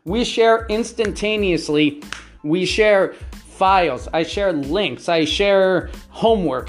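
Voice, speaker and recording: Slow, earnest online English teacher. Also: mid-range voice. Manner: enthusiastic, repeats "right?" and lists points by number. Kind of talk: talking-head advice to learners.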